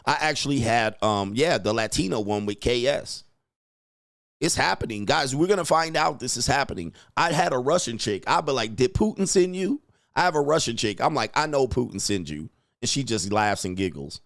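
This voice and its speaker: Male host, mid-pitched, rambling profane banter, dry room. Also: lively intonation, fairly quick, creaky, a bit bright, no echo. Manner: joking, laughs at his own lines, keeps saying "all right". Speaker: commentary show host and dating coach. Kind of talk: casual profane commentary.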